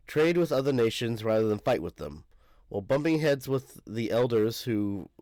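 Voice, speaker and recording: A man's voice: on the low side, darkish tone, no room sound. A man casually reading a comic aloud and reacting, often stumbling and correcting himself. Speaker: manga reaction youtuber.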